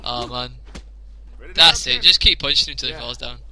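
A man's voice: mid-range voice, normal speed, a little hiss or hum. A young man, casually commentating a video game, joking and laughing as he plays. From England. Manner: jokey, laughs often, reacts loudly. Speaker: let's play commentator.

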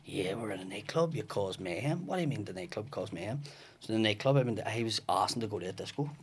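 A man's voice: lowish voice, lively intonation, fast, breathy edge. A man telling a long story on a podcast, swearing freely and acting out the other people's lines. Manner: profane, acts out the voices in his stories. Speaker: comedian guest. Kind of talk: casual storytelling. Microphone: studio podcast mic.

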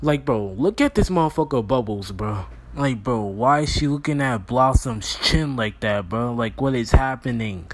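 A man's voice: medium pitch, animated, moderate pace, hardly any pauses, soft background music. A young man doing a brash, exasperated comedy roast over a phone mic, swearing constantly and calling everyone "bro". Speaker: roast video creator. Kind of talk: profane comedic roast commentary.

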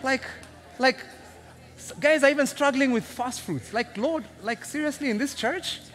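A man with a Kenyan accent preaching a sermon as senior pastor, animated and humorous, acting out characters and laughing often. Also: very high voice, normal speed. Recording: long hall reverb.

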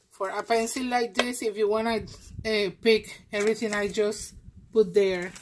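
A woman who is not an English speaker, gushing and exclaiming as she unboxes a gift swap, with many pauses and fillers. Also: medium pitch, a little hiss or hum. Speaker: crafting vlogger.

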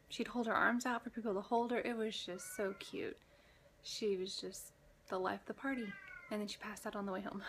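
A woman's voice: fairly high pitch, a little hiss or hum. A young woman chatting casually in a home vlog as a mother, rambling along with plenty of ums. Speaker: mother vlogging about her baby.

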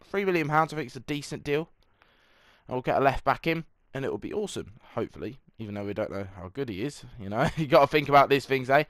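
A man's voice: mid-range voice, lively intonation, fast talker, no echo. Chatty man narrating gameplay. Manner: chatty, self-mocking, bursts into mock match commentary. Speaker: gaming video creator. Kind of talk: casual gameplay commentary.

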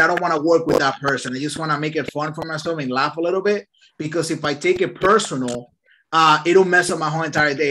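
A man leading a casual online real estate training, telling lively stories in an upbeat way over a video call. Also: a little high.

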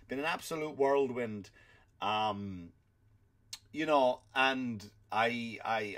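A man's voice: medium pitch, fairly bright tone. An Irish man, a stand-up comedian hosting his podcast, ranting sarcastically with profanity and restarts. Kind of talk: comedic rant monologue.

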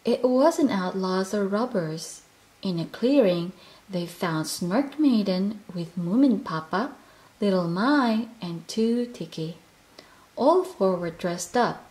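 Slow, gentle woman reading a children's story. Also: medium pitch, animated. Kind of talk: children's picture book read-aloud.

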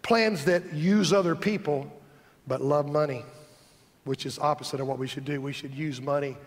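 A man's voice: fairly high pitch, normal speed. A male pastor preaching a sermon in a church sanctuary, emphatic and stacking up repeated lists. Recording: echoey church hall.

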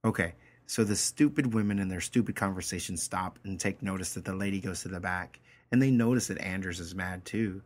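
A man's voice: low-pitched, fairly quick. A man teaching a story, reading it aloud line by line and then explaining it in a casual way, often checking in with his listeners.

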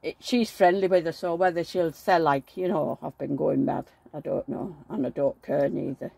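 A woman's voice: fairly low pitch, moderate pace, gravelly, warm tone, no room sound. A woman who chats bluntly while she works, talking fondly to her dolls and grumbling about her neighbours. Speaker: doll collector vlogger. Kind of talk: chatty running commentary while working.

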